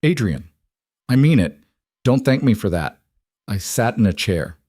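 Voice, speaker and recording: Gentle protective young aunt, read by a man, soothing and reassuring, dry close read. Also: on the low side, sing-song, measured pace, breathy edge, dry recording, full character voice. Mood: earnest.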